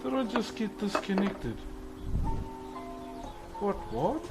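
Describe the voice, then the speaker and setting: A man's voice: sits high, very animated, slow. Easygoing New Zealand man streaming, music behind. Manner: easygoing, greets viewers as brother, laughs often. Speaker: livestreaming woodcarver. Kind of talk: casual livestream chat while working.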